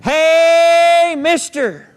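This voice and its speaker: A man voicing a goofy little pig in a comic story for children, hollering high and squeaky. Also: very slow, heavily acted. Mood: silly. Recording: long hall reverb.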